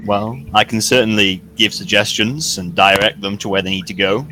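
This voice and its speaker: Bright low-voiced male player. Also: fairly even intonation, normal speed, rough recording. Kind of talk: tabletop role-play. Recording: faint ambient noise.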